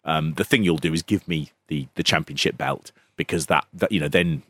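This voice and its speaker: A man chatting casually about wrestling on a podcast, sarcastic and quick to mimic voices. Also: a bass voice, fairly bright tone, no echo. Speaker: podcast co-host.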